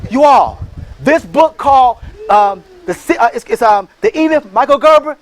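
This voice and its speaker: High-voiced man preaching business success. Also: lively intonation, normal speed. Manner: preacher-like, rallying the crowd with call-and-response and shouted bursts. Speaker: motivational speaker and franchise entrepreneur. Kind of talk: motivational speech.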